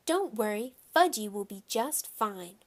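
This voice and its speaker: A woman's voice: medium pitch, animated, unhurried. A woman voicing a bossy, pushy schoolgirl who pleads and insists to get her way. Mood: sweet.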